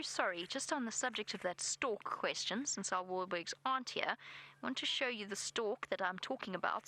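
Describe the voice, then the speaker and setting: A woman's voice: medium pitch, sharp tone, low-quality recording. A South African woman giving live safari commentary from an open vehicle outdoors, chatty and self-deprecating. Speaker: safari guide.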